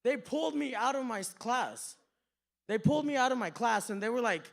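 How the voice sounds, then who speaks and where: A man's voice: very high-pitched, expressive, brisk, gravelly. A man doing stand-up in a comedy club, telling rambling, profane stories. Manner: profane, rambling, slips into quoted voices. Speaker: stand-up comic. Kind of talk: stand-up storytelling.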